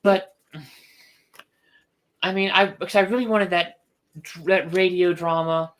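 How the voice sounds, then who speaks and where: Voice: mid-range voice, fairly even intonation, measured pace, fairly bright tone. An author hosting a casual book livestream, thinking aloud with restarts and firm opinions.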